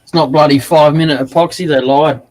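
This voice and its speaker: A man's voice: fairly high pitch, fairly even intonation, fast talker, a little mellow, poor audio. A man with an Australian accent, chatting casually and joking on a video call. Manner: joking, laughs often.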